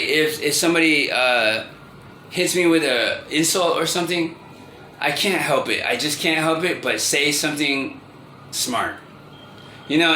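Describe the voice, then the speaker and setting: Man, 30s, vlogger; halting confessional talk, bright tone, roomy echo. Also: medium pitch. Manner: rambling, halting, with many restarts and fillers. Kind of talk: confessional monologue to camera. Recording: roomy echo with faint ambient noise.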